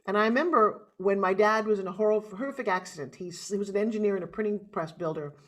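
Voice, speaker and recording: A middle-aged New York woman with a New York accent tells her life story as an interview guest, dramatic and animated. Her voice is mid-range and she speaks fast.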